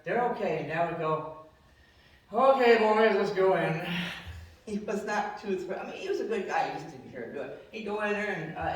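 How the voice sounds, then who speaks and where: A man giving a memorial eulogy, telling rambling family anecdotes and acting out the voices he quotes. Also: fairly high pitch. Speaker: eulogy speaker. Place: memorial service hall. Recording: very echoey hall, distant from mic.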